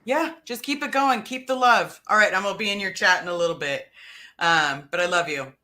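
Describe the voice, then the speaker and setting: A woman's voice: medium pitch, a little fast, pushed and bright. A woman hosting a casual livestream, talking in a chatty, rambling way. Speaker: livestream host.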